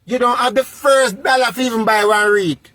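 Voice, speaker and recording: A man's voice: extremely high pitch, moderate pace, bright, forceful tone, no echo. A man with a Jamaican accent delivering a scolding vlog rant, lecturing in a repetitive, sing-song preaching cadence. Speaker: vlogger. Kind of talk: scolding social media rant.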